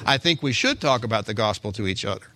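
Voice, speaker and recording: A man's voice: fairly low pitch, animated, quick pace, pushed and bright, no room sound. A male pastor preaching a sermon in a conversational way, with speech and rhetorical asides to the congregation.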